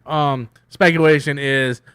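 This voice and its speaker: A man hosting a casual livestream, rambling loosely with lots of swearing and self-mockery, swinging between loud bursts and mumbled asides. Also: a little high, fairly even intonation, unhurried, smooth, no room sound, studio quality. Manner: loose, profane, self-mocking, riffs and hums to himself. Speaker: YouTube host answering viewer questions.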